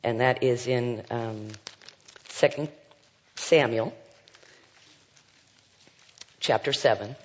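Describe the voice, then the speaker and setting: Reading scripture aloud at a Bible study, a male Bible teacher talks extremely slowly with long pauses in a mid-range voice. His comments are peppered with fillers and asides, and the audio is dull with a long hall reverb.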